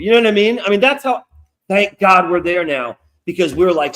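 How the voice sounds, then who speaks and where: A man's voice: high-pitched, animated, moderate pace, fairly bright tone. A man who is a guest comic artist, getting worked up in a casual talk, swearing often and sounding sarcastic. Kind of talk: heated casual chat.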